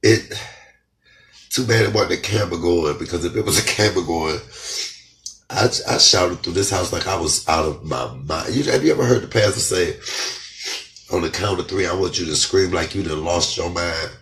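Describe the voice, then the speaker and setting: A middle-aged man speaking fervently in an emotional testimony vlog, a little hoarse from shouting and crying with joy, talking in his house. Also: deep voice, moderate pace. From United States. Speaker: comedian vlogger. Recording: echoey room, off-mic.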